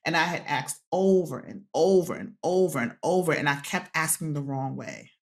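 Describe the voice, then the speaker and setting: A woman guest on a podcast with a notably low, deep-set voice. She tells personal stories with feeling and slips into acted-out quotes, laughing along the way. Her tone is warm conversation rather than a speech. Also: normal speed. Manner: animated storytelling, acts out quotes, laughs often. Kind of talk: heartfelt conversational storytelling.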